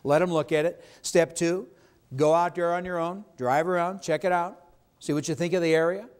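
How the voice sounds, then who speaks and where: A man with a somewhat high, clean, a little mellow voice trains real estate agents at a live seminar. He keeps a steady tone and moderate pace while pressing his points and asking the audience questions.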